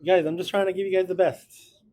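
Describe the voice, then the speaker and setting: Male teacher, relaxed classroom lecture, talks students through steps, slightly high voice. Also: brisk. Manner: casual, encouraging, talks through steps aloud. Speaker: math teacher.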